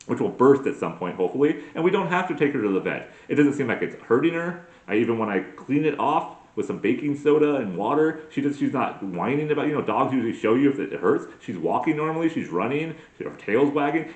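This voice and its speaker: A man's voice: medium pitch, sing-song, a little fast, few pauses, reverberant. A man in his forties doing a crude, self-mocking comedic monologue as a podcast host, full of profane rants. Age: 40s.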